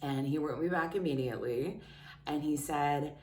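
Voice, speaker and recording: A woman's voice: sits low, moderate pace, a little mellow. A woman vlogger telling a personal story in a candid, chatty, self-mocking way. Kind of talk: casual confessional storytelling. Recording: roomy sound, distant from mic.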